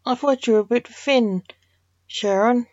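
A woman's voice: medium pitch, level tone, normal speed, mellow, no room sound, lightly acted. A woman doing a cheeky, taunting young man. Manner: taunting, defiant. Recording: dull lo-fi recording.

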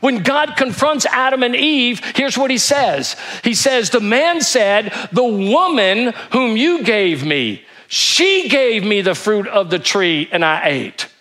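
A man's voice: extremely high pitch, big pitch swings, takes it slowly, few pauses, bright, forceful tone. A male pastor preaching a sermon, emphatic, asking rhetorical questions and reading scripture aloud.

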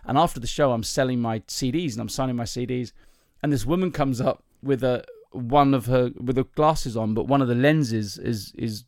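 A comedian who hosts a podcast chats casually through self-deprecating stories from his stand-up days, breaking off and restarting with ums. The voice is medium-pitched, a little mellow and gravelly with fry, recorded dry and close without any room sound.

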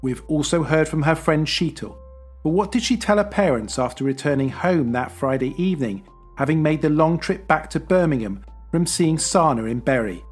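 A man hosting a podcast, narrating in a measured, even storytelling manner. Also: fairly high pitch, slightly rough, faint music behind. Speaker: podcast host. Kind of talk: scripted narration.

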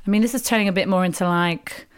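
A woman's voice: medium pitch, fast, smooth. A woman comedian in her thirties as an interview guest, chatting candidly and acting out quoted voices as she tells stories. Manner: animated storyteller, acts out quoted voices.

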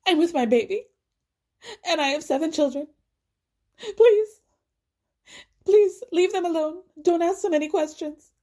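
A woman mocking a dramatic celebrity mother, speaking with a put-on Spanish accent in a high, pleading voice. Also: measured pace, long pauses, darkish tone.

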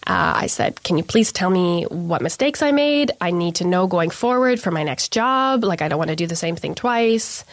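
Recorded dry, a young woman with a lowish, lively voice speaks at a moderate pace with hardly any pauses. She's telling an interviewer about her experience in an earnest storytelling style, acting out other people's words.

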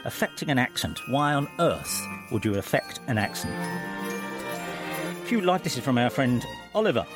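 A man's voice: medium pitch, very animated, moderate pace, over music. A man hosting a chatty show, rambling and playful, with many restarts, reading out listener letters. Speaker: podcast host.

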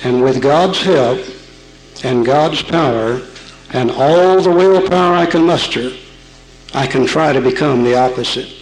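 A man's voice: medium pitch, unhurried, faint music behind, poor audio. A man speaking at a recovery seminar in a folksy, plain-spoken teaching manner, asking his audience rhetorical questions. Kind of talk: recorded seminar talk.

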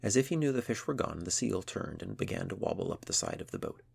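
A man narrating a children's adventure story in a measured storytelling manner. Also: fairly low pitch, lively intonation, vocal fry, a little mellow, slightly rough. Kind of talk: scripted narration.

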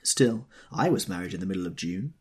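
A man's voice: sits low, animated, brisk, a little mellow, husky. A man voicing a peevish, flighty young society woman in an audiobook reading, in a raised, plaintive voice. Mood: petulant.

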